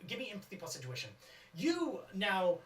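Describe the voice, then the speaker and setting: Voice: mid-range voice, huge pitch swings, normal speed, a little hiss or hum. A game master narrating a tabletop game and calling for dice rolls. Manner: rambling, calls for dice rolls. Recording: roomy, distant mic.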